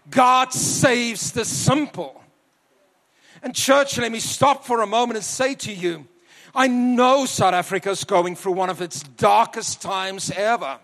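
A man preaching a sermon to a church, telling a personal story and slowing down for emphasis. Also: sits high, fairly bright tone, big-room sound. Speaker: preacher, university leader.

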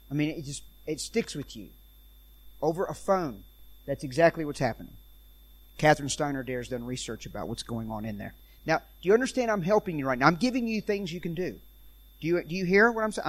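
Male speaker preaching to a congregation; animated, acts out quoted voices, voice a bit on the high side. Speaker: traveling preacher and speaker on parenting. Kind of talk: church talk with stories.

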